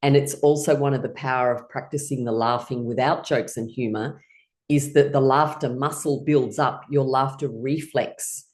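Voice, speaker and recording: A middle-aged woman leading an online laughter yoga class, cheerful and encouraging, quick to break into laughter. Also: very deep voice, steady tone, darkish tone.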